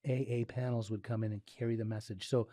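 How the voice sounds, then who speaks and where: A middle-aged man from Southern California, a guest in a casual interview, telling his story with animated delivery and acting out the dialogue. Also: lowish voice, fast talker, no room sound, clean studio sound. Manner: animated, acts out dialogue, frequent "like" and restarts.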